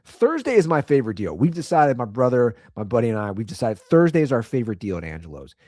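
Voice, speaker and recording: Hosting his own show, this man speaks fast as he tells a story in the form of a casual comedic rant, echoing lines back in mock disbelief. His animated delivery veers from loud to low. The audio is studio quality, with no room sound.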